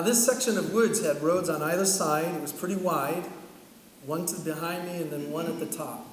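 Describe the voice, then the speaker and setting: A middle-aged man preaching a sermon, telling a story in an animated way and acting out the dialogue. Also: on the high side, slight background noise. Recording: echoey hall from far off, faint ambience.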